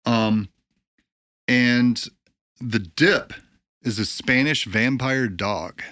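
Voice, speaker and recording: A man at an ordinary, mid-height pitch, co-hosting a relaxed talk show. He reads from his notes in a loose way, stumbles over hard words and slips in jokes. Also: very slow. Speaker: podcast co-host. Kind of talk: casual chat.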